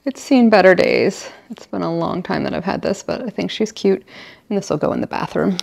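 A woman's voice: medium pitch, fairly quick, creaky, darkish tone. A middle-aged woman chatting casually at home while she decorates, laughing often and telling little stories. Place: home, indoors.

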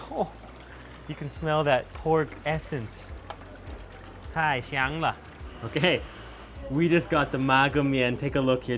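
A man's voice: medium pitch, fairly bright tone. A man hosting a food vlog, gushing over dishes and mixing English with simple Mandarin. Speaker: food vlogger host.

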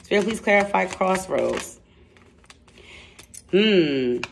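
A woman giving a casual tarot reading to camera, excitable and chatty, blunt and slangy, speaking straight to her viewers. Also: lowish voice, slow pace, gravelly, background noise. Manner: excitable and chatty, laughs and exclaims. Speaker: tarot card reader.

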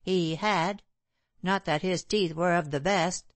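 Storybook landlady, middle-aged, stubborn and sharp-tongued, read by a woman, lowish, slow, dry. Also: fairly even intonation, no echo. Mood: insistent.

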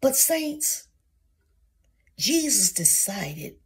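Slow, breathy woman preaching a sermon. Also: medium pitch, big pitch swings. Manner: addresses listeners as saints, rhetorical questions.

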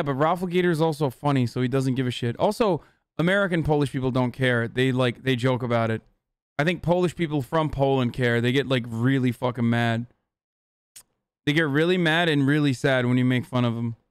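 A man's voice: medium pitch, fairly quick, smooth, no room sound, studio quality. A man in his thirties streaming live reaction commentary, mocking and profane, joking loosely as he talks.

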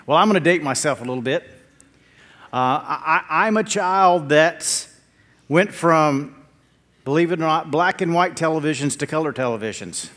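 Pastor with a raised voice. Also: male voice, moderate pace. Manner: animated storytelling with jokes and quotes; drops to a low, quiet tone in prayer. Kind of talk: sermon.

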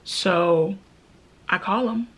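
A woman's voice: medium pitch, very slow, fairly bright tone, husky. A young woman vlogger telling a candid, emotional story in a casual storytime monologue, repeating phrases for emphasis.

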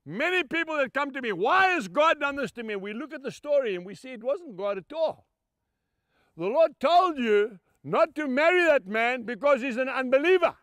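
An older man preaching a sermon, emphatic, swinging from shouts down to soft, low asides and calling his listeners "folks". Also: dry recording, clean studio sound.

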